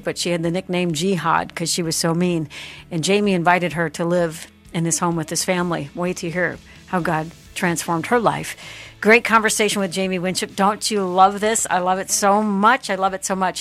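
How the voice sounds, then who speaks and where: A woman hosts a radio talk show in a slightly low voice. She speaks with enthusiasm and warmly affirms her guest's story, then sets up what comes after the break. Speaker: radio host.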